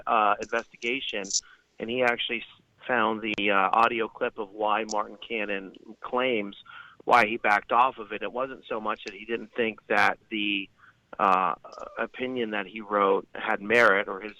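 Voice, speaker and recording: A man with a low, forceful, bright voice talks through a long story on a podcast, full of fillers and restarts. The sound is dry and dull, a lo-fi recording. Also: dry recording. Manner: rambling, many fillers and restarts. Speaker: podcast guest. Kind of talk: conversational podcast talk.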